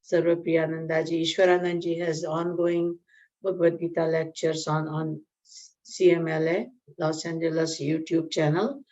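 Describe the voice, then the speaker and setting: A woman's voice: sits low, flat delivery, normal speed, mellow. A woman teaching a scripture study class in a conversational way, explaining Sanskrit terms and telling a joke. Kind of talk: spiritual lecture with a joke. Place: community class room. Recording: dull lo-fi lecture recording.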